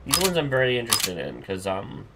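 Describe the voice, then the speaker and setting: A man casually commenting on a video game as he plays, excitable and swearing freely. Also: fairly low pitch, a little fast, vocal fry, heavy background noise. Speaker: gaming channel host. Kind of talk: let's play commentary.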